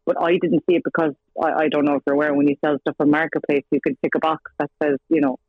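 The subject's ex-partner, an Irish woman, speaks fast and flatly in a low voice during a casual phone interview. She chats away about her story, acting out quoted speech with laughter between lines. The recording is a dry, tinny phone line.

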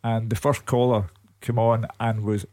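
An older Scottish pundit in a dry radio studio. His voice is mid-pitched, and he makes his points in a grumpy, emphatic way. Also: flat delivery, moderate pace, mellow, dry recording. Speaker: football pundit.

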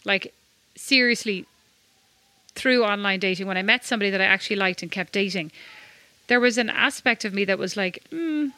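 Bright-voiced chatty Irish woman. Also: mid-range voice, a little fast, pauses often, no room sound. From Ireland. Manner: chatty, self-mocking, rambling storyteller. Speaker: podcast co-host. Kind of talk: casual chat.

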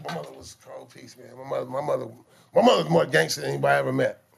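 A man telling street stories in casual chat, with profane slang, animated delivery and stammering restarts. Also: mid-range voice, racing, gravelly, crowd noise. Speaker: guest telling life stories.

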